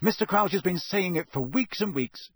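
A man's voice: sits high, expressive, moderate pace, a bit bright, no room sound, voice pushed up. A man voicing a pompous, rule-bound young man who argues hotly. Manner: pompous, heated.

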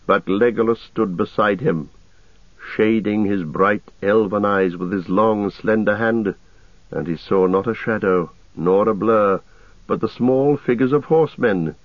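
A man narrating a story aloud in a measured storytelling manner. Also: lowish voice, dry recording. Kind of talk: audiobook narration. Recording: tinny narrow-band radio sound.

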